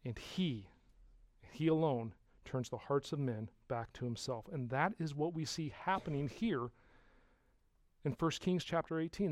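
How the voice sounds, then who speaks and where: Guy preaching to his church, talks like he's chatting then gets loud n punchy, slightly higher voice, dry mic. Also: a little slow, dry recording. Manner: emphatic, swings between quiet and loud; conversational with restarts, addresses congregation. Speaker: pastor. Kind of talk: sermon.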